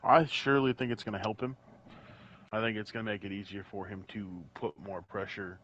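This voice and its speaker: Low-voiced male race co-commentator. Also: flat delivery, brisk, a bit bright, lo-fi sound. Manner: brief matter-of-fact remarks. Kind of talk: sim racing color commentary.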